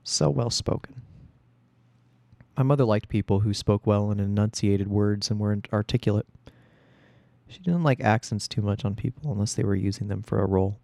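A man reading a first-person story aloud in a steady storytelling voice. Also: lowish voice, brisk, gravelly, no room sound. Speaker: audiobook reader.

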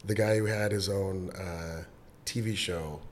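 Low-voiced man, easygoing comic. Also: steady tone, unhurried, reverberant, a little hiss or hum. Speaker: stand-up comedian. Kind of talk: casual chat.

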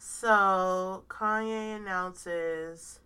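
A woman's voice: medium pitch, steady tone, drawn-out words, bright, forceful tone, smooth, far from the mic. A congested woman co-hosting a podcast, giving her opinions in a frank, emphatic, casual chat. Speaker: podcast co-host.

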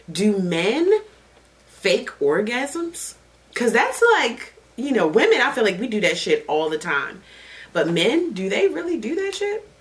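A woman hosting a casual podcast chat, gushing with excitement and swearing freely. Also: fairly low pitch, rough recording. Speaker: podcast host.

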